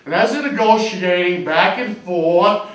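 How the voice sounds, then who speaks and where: A man's voice: high voice, a little slow. A man doing crude, punchy stand-up comedy on a club stage. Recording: echoey club from far off. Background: audience laughing.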